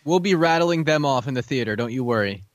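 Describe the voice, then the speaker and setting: A man's voice: medium pitch, expressive, fast talker, dry recording. A man co-hosting a podcast, chatting in a playful, jokey way. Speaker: podcast co-host. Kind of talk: casual chat.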